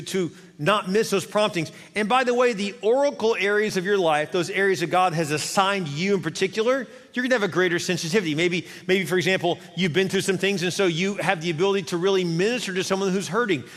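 A man's voice: sits high, quick pace, big-room sound. A male pastor delivering a fervent sermon, repeating phrases and urging his listeners on. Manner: fervent, rising to shouting exhortation. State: winded at times.

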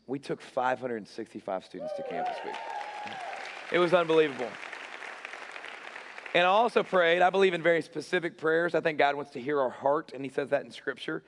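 A young man with a hoarse, raspy voice that has almost given out, speaking from a church stage. His voice sits a bit high for a man and is full of eager energy. He is self-deprecating and repeats words now and then. The sound carries a long reverb off a large hall. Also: wildly swooping pitch, a little fast, some chatter behind. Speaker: youth pastor. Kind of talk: church announcements and prayer.

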